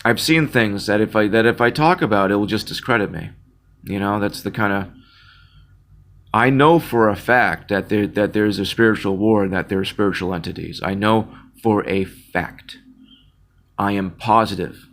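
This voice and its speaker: Earnest man with a low voice. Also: moderate pace, a bit bright. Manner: earnest, repeats words and restarts often. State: choked up, near tears. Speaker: Christian video blogger. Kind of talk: impassioned casual monologue.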